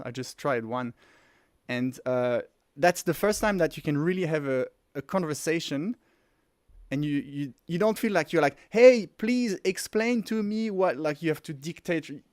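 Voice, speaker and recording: A man in his forties with a French accent, co-hosting a casual livestream and talking in an excited, rambling way with many restarts. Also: a little high, no room sound, clean studio sound. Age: 40s. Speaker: podcast co-host. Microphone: headphones and close mic.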